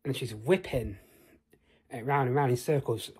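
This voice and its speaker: A storyteller from the United Kingdom spins an improvised, rambling fantasy tale and asks the listener questions. His medium-pitched voice is darkish and slightly rough, at a moderate pace.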